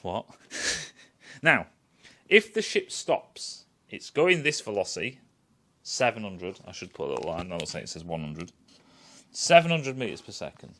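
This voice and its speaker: A man rants through a casual review in a lowish voice that swings widely up and down. He swears freely, mocks what he describes and keeps restarting his sentences. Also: sing-song, a little slow, a bit bright. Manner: sweary and scornful, rambling with many restarts. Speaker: TV critic.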